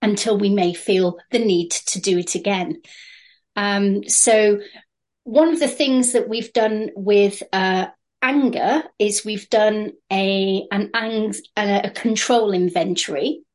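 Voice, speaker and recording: During a training session, a woman explains a therapy exercise calmly and steadily, with occasional fillers. Her voice is mid-range and her pace slow.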